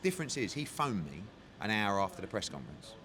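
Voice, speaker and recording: A man who works as a boxing promoter, talking candidly in a casual interview, animated and swearing freely as he tells stories. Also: on the low side, fast talker, a little hiss or hum. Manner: animated, heavy swearing, emotional storytelling.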